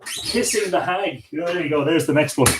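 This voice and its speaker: A man's voice: fairly high pitch, heavy background noise. An Irish man hosting a casual livestream at home, chatting off the cuff and greeting viewers by name. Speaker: host. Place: home with bookshelves.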